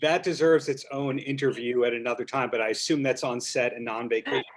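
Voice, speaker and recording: A man's voice: mid-range voice, steady tone, brisk. A man hosting a casual interview over a video call, asking jokey, chatty questions. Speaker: podcast host.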